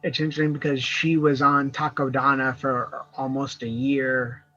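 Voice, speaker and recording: A man's voice: medium pitch, level tone, normal speed, sharp tone, dull audio. A man co-hosting a casual fan review show, talking in long rambling runs with many restarts. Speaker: co-host.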